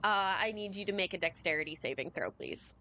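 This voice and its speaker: A woman running a tabletop game as game master, narrating in a halting way with many ums and restarts. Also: fairly low pitch, animated, pushed and bright.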